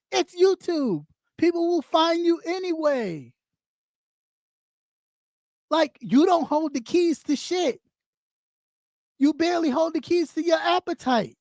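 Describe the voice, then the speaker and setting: A woman's voice: high voice, no echo, clean studio sound. A woman streamer delivering a blunt, mocking rant full of swearing. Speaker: YouTube streamer. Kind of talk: profane rant on camera.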